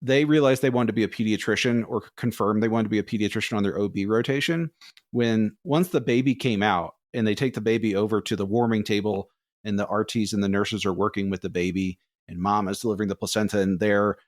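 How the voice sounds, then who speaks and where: A man co-hosting a podcast, telling long, rambling personal stories in a casual, animated way. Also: on the low side, quick pace, dry recording, studio quality. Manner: rambling, animated, acts out quoted voices. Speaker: podcast co-host. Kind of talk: casual storytelling.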